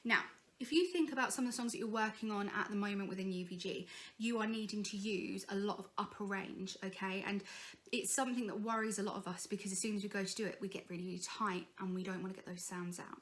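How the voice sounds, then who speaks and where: A woman's voice: mid-range voice, fairly even intonation, quick pace. Chatty woman teaching singing. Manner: chatty, encouraging, frequent "okay?" check-ins. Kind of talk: informal vocal tutorial.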